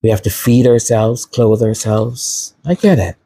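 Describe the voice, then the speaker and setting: A man's voice: fairly low pitch, measured pace, warm tone, husky. A man hosting a raw commentary monologue, impassioned and sarcastic. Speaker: channel host.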